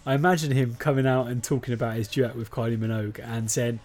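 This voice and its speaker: A man's voice: mid-range voice, fairly even intonation, quick pace, darkish tone. Guy, dry sense of humour, regular mid voice, sets up the jokes. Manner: dry, feeds prompts and quips, laughs often. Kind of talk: casual comedic chat.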